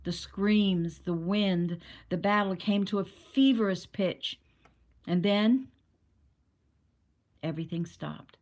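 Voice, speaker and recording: A woman narrating a novel aloud in a steady, plain reading voice. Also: medium pitch, takes it slowly, pauses often. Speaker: audiobook narrator.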